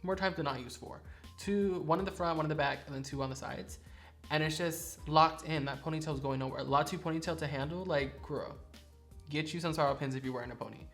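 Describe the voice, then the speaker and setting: A man's voice: fairly high pitch, brisk, fairly bright tone, soft background music. A man who performs in drag, chatting sassily and playfully about favorite makeup products in a studio vlog. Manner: sassy, chatty, playfully dramatic.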